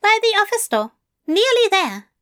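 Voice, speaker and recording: A woman's voice: very high-pitched, very animated, normal speed, bright, forceful tone, voice pushed up, exaggerated voice. A woman voicing a fussy, anxious male angel who talks in a flustered, hesitant way. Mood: teasing.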